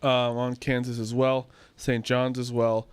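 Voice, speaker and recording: A man's voice: mid-range voice, completely flat delivery, measured pace, smooth, no room sound. A man co-hosting a sports betting show, chatting loosely with lots of filler words and trailing sentences. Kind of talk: casual panel chat.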